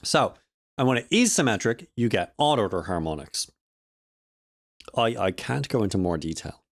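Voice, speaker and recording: Rambling man with lively pitch. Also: moderate pace, creaky, no echo, studio quality. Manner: rambling, self-correcting, joking asides. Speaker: audio student vlogger. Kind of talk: casual explanatory vlog.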